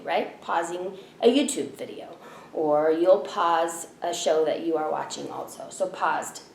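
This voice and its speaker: A woman's voice: mid-range voice, reverberant, a little hiss or hum. A woman teacher in her thirties giving a spelling lesson from home, patiently sounding out each letter.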